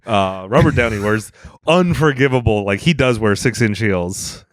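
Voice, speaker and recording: Deadpan man in dry ironic banter. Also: lowish voice, moderate pace, no room sound. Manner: deadpan, facetious ironic delivery. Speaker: podcast co-host. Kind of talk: casual comedic chat.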